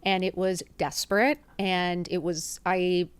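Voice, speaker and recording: A woman in her fifties tells her own story as a podcast guest. She talks quickly and with feeling, swears freely and acts out quoted lines in her own voice. The recording is dry and close, with no room sound. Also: lowish voice, flat delivery, clean tone, no echo. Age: 50s. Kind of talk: candid storytelling interview.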